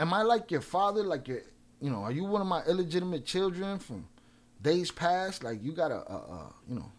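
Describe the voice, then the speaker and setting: A man hosting a live stream in casual chat. He trash-talks trolls with a lot of swearing and gives quick shout-outs full of restarts. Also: a little high. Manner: profane and combative, trash-talking trolls.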